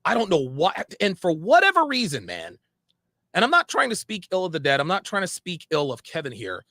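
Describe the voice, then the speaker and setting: A man telling a heated story in a profane, animated way, acting out the quoted conversations. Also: high-pitched, vocal fry, no echo, clean studio sound. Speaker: podcast host.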